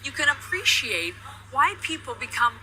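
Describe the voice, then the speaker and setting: A woman's voice: high voice, sing-song, normal speed, background noise. A woman anchoring live broadcast coverage, talking in an emotional, conversational way. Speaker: news anchor.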